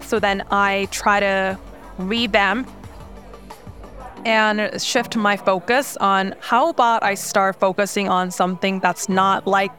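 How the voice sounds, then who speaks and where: A woman's voice: mid-range voice, fairly bright tone. Young Korean-born woman, light accent, chatty founder interview, mid-range voice, faint music bed. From South Korea. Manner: chatty, many fillers, laughs often. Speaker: startup founder, interview guest. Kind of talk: casual interview talk.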